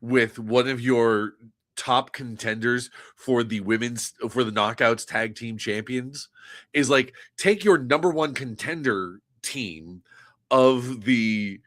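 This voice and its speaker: A man's voice: medium pitch, takes it slowly, fairly bright tone. A man co-hosting a wrestling podcast in casual chat, making dry, wry remarks with stammering restarts. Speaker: podcast co-host.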